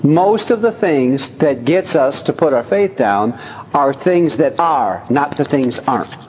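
A man's voice: fairly high pitch, expressive, measured pace, darkish tone, slight background noise. A man preaching a sermon, reading scripture aloud and explaining it in a folksy, humorous way that often breaks into chuckles. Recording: long hall reverb.

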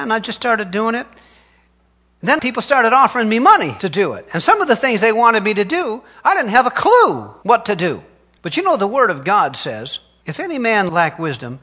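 A middle-aged man preaching with emphatic call-and-response. His voice sits high and swings widely in pitch, with a bright, forceful edge. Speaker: pastor. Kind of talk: sermon.

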